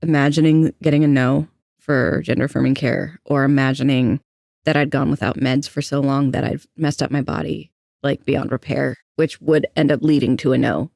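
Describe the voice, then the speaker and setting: Candid trans man with a gravelly voice. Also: mid-range voice, fairly even intonation, moderate pace, darkish tone, dry recording, studio quality. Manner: candid, anxious, self-deprecating storytelling. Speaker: podcast co-host. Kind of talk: casual personal storytelling.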